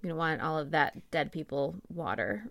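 Woman reading history script, dry close sound, steady pace. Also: deep voice, moderate pace, creaky, no room sound. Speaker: podcast co-host.

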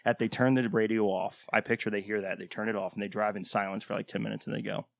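A man's voice: on the low side, level tone, fast talker, vocal fry, no echo. A man hosting a podcast, chatting casually and joking at his own expense. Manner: joking, self-mocking storyteller. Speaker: podcast host. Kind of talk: casual chat.

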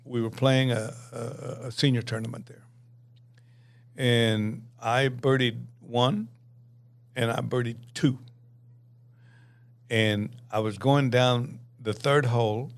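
A man's voice: mid-range voice, takes it slowly, long pauses. Chuckling older man spinning a story. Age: 80s. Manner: lively, laughs through his stories, acts out dialogue. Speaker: podcast guest. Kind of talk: anecdotal storytelling.

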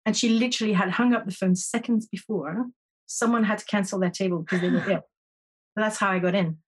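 A woman's voice: medium pitch, fairly even intonation, quick pace, breathy edge. A woman who teaches intuition, a guest on a podcast, explaining her ideas earnestly with frequent restarts. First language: French. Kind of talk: conversational interview.

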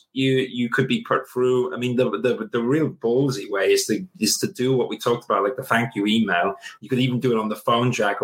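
Man, young adult, casual chat, animated, acts out scenes. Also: medium pitch. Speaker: podcast co-host giving career advice.

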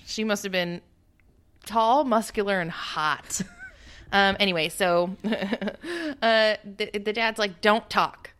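A woman co-hosting a podcast, casually recapping a film and acting out the characters' lines with lively, exaggerated delivery. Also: mid-range voice, slow, clear, resonant tone. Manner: animated, acts out characters' lines in exaggerated voices. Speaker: podcast co-host. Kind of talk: casual movie recap chat.

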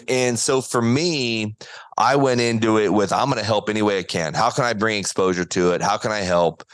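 With no room sound behind his lowish voice, a man who once pitched in baseball sits as a guest on an interview podcast. He tells a story earnestly in conversational style, acting out the quotes.

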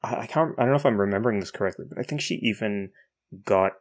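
A man from New Zealand with a New Zealand accent, co-hosting a podcast in blunt, profane casual chat with halting restarts. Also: lowish voice. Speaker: podcast co-host.

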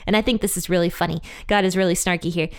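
A woman's voice: on the low side, steady tone, racing, clean tone. A woman hosting an episode, retelling a Bible story in a chatty, blunt, conversational way. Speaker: podcast host teaching the Bible.

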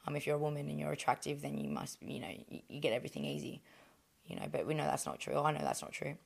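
A woman's voice: deep voice, lively intonation, fast, vocal fry. An Australian woman, a professional boxer, talking bluntly and rambling, with constant swearing, in an interview. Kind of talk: candid interview chat.

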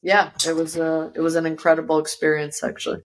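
Fast and monotone, with a deep voice, a woman tells a personal story during an interview in her yoga studio. Her storytelling is vivid, and she performs the voices of the people involved.

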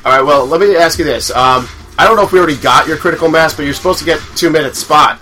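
Bright-voiced joking man hosting. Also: a little high, fast, faint music behind. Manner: joking, laughs often. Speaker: host. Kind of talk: casual chat.

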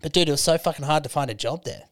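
A man's voice: fairly high pitch, rapid-fire. A man in his thirties hosting a podcast, telling stories in a casual, profane, laid-back way. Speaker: podcast host. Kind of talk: casual chat.

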